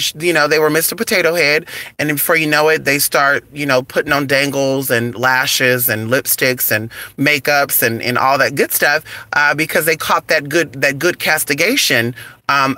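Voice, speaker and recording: A man's voice: fairly high pitch, no echo. A man hosting a casual livestream, talking in a sassy, campy way and reading his chat. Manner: sassy, campy, drawn-out and expressive. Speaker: channel host reading live chat.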